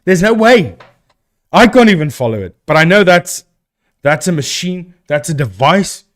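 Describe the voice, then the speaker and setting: Chatty animated man streaming live. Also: a little high, normal speed. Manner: chatty, talks to chat and thinks aloud. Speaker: live-stream host debunking ghost videos. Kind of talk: casual live-stream commentary.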